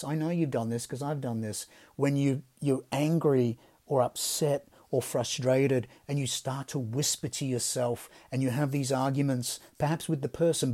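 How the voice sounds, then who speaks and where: A man gives a devotional podcast reflection in a mellow, warm-toned voice at an ordinary middle pitch. His delivery is gentle and reflective, and his phrases often sink into soft, quiet endings. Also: steady tone, moderate pace. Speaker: podcast host.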